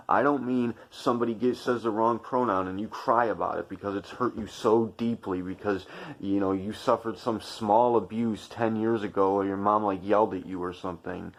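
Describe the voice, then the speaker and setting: A man delivering a heated, profane opinion monologue to his viewers, preachy and confrontational. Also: on the low side. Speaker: channel commentator.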